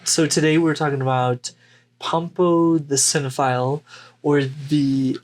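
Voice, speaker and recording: A man's voice: fairly high pitch, fairly even intonation. A man co-hosting a podcast, rambling casually with lots of fillers. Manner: rambling, unhurried, many fillers. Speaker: podcast co-host. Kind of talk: casual chat.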